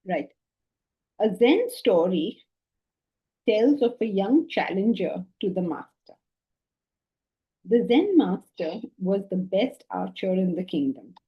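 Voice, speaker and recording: A woman spiritual teacher giving a philosophy lecture with stories, animated and asking rhetorical questions. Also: mid-range voice, husky, lo-fi sound.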